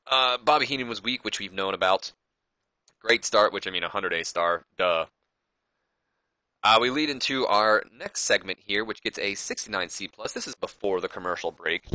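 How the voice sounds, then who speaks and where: Male gaming YouTuber, casual rambling commentary; low-ish pitch, bright tone. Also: no room sound, rough recording. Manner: rambling, self-correcting.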